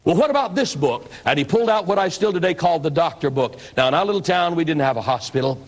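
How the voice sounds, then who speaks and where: A man's voice: on the high side, fast. A man preaching in a reflective, conversational storytelling manner. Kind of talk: storytelling sermon.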